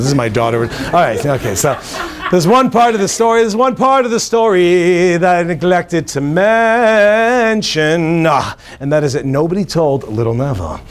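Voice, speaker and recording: Man, rabbi, fairly high voice, animated, joking, quizzes a live audience, faint noise behind. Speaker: rabbi giving a talk. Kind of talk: humorous inspirational talk to an audience. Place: hotel conference session room.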